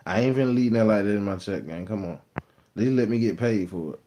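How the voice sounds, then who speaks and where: A man's voice: lowish voice, brisk, dark tone. A man hosting a live stream, chatting casually and repetitively with his viewers, teasing commenters and calling them "gang", recorded on a phone. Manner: loose, repetitive, addresses chat as "gang". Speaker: livestream host.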